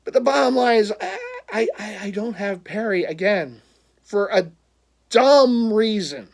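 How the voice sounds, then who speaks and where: Rambling man vlogging about a lost jersey. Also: high-pitched. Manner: rambling, repeats himself, laughs often; gets worked up and loud when frustrated. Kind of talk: casual storytelling vlog.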